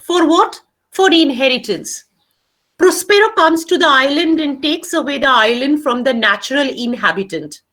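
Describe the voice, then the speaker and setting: Animated high-voiced Indian English teacher. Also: female voice, moderate pace. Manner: animated, emphatic, repeats key phrases for note-taking. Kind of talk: online literature lecture.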